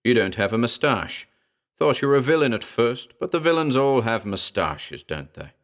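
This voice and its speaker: A man voicing a gruff male gorilla in a storybook reading, talking in broken pidgin and then in slangy tough-guy wisecracks. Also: medium pitch, sing-song, moderate pace, pitched above the performer's own voice, close to an everyday voice. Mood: wisecracking.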